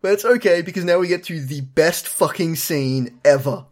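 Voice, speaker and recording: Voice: medium pitch, normal speed. A podcast host recapping an episode in casual chat, acting out characters' lines with laughs and swearing.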